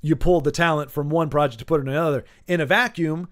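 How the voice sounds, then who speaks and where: A man with a slightly higher-than-usual voice talks casually to his stream viewers. He rambles, often restarts mid-sentence and stumbles over repeated words. His asides have a dry, sarcastic edge. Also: fairly even intonation, fast, hardly any pauses. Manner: wry and sarcastic.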